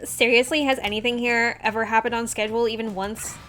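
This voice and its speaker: Animated woman streamer reading game lines. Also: on the high side, a little fast, soft background music. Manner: animated, swings between loud bursts and hushed storytelling. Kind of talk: reading game dialogue aloud.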